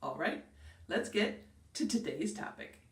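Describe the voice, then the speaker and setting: A woman's voice: medium pitch, lively intonation, measured pace. Middle-aged female host giving career tips to camera: upbeat, emphatic, recorded with room echo from a distant mic. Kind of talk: direct-to-camera advice video.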